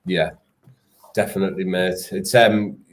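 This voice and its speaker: A man's voice: deep voice, fairly even intonation, unhurried. A man interviewing a fighter in laid-back, casual chat, swearing now and then and saying "mate". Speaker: podcast interviewer.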